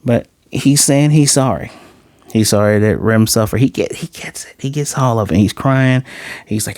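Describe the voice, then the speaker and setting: A man's voice: mid-range voice, moderate pace, darkish tone, no echo, studio quality. A man in his late thirties giving a casual, rambling anime review, often correcting himself and wandering into chatty asides. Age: 30s.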